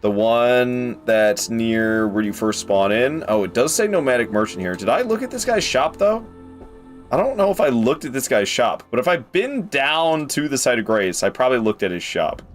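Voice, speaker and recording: A man giving casual live commentary on a game, excitable, swearing casually and talking to his chat. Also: medium pitch, moderate pace, faint music behind. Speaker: game streamer.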